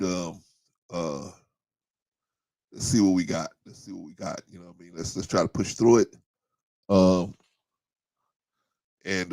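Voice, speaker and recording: A middle-aged man hosts a casual livestream, talking loosely and looping back over his phrases as he reads out viewers' comments. His voice is fairly low with a gravelly edge. It is recorded dry and close to the mic. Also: dry recording. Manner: laid-back, storytelling, repeats himself, reads out chat comments. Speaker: livestream host. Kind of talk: casual live-stream chat.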